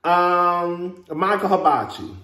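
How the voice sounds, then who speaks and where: A man's voice: sits high, takes it slowly, sharp tone, reverberant. A man, hosting a casual review vlog in a sassy, chatty way, calling listeners "girl" and laughing often. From Texas. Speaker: reality TV reviewer, host.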